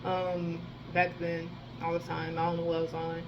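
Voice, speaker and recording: A woman's voice: on the low side, completely flat delivery, normal speed, muffled recording, background noise. A young woman telling a storytime vlog in a rambling, profane way, full of fillers. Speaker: storytime vlogger. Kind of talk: casual storytelling.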